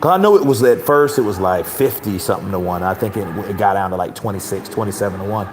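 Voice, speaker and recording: A man's voice: on the low side, quick pace, background noise. A man giving casual boxing commentary, swearing freely, rambling and laughing often.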